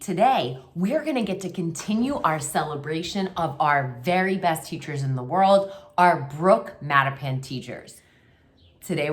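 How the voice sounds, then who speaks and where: A woman teaching a remote kindergarten writing lesson, talking to young children in a patient, sing-song way. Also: low voice.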